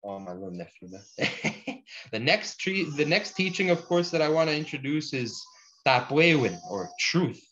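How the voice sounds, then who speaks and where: A man teaching a relaxed language lesson, slowing down to drill words and using casual fillers. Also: fairly high pitch. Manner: slow deliberate pronunciation drills, casual fillers. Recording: dull lo-fi sound.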